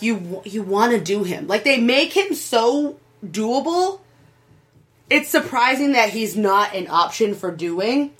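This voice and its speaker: A woman chatting casually about a video game in an easy, rambling way. Her voice sits at an ordinary middle pitch, and she throws in crude jokes as she goes. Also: a bit bright.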